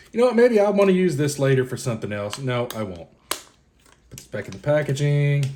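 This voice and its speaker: Man, casual repair host, talks through every step, self-mocking jokes to viewers. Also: medium pitch. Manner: narrates each step aloud as he works. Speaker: host of a computer repair channel. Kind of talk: casual hands-on repair walkthrough.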